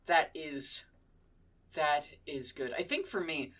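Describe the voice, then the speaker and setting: A woman with a low voice co-hosting a casual podcast chat, joking around and swearing freely. She sits a little back from the microphone, so her voice comes across slightly distant. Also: expressive, takes it slowly, a bit bright. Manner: playful, swears freely, laughs often. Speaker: podcast co-host.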